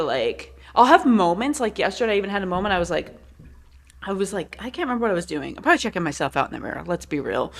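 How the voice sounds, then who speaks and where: A woman co-hosting a podcast, chatting in a rambling, candid way, full of "like" and quoting her own thoughts. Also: fairly low pitch. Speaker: podcast co-host. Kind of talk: casual chat.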